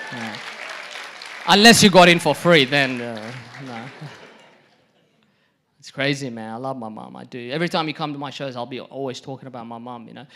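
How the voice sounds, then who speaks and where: A young man, performing lively stand-up storytelling on a theatre stage. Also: medium pitch, slight background noise. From Perth, Australia. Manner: animated, chatty storytelling. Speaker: stand-up comedian. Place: theatre stage before a live audience.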